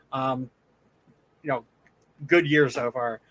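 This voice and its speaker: Speaking at normal speed with long pauses, this young podcast host has a medium-pitched, slightly bright voice with little pitch movement. His casual chat is made up of rambling, profane stories packed with fillers.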